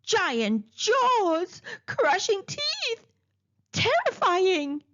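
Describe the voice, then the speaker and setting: Storybook figure: a woman playing a nervous, stammering male dolphin dentist, high and bouncy, slow. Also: wildly swooping pitch, a bit bright, dull audio, exaggerated voice. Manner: stammering, panicky. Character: jittery male dolphin dentist, easily scared.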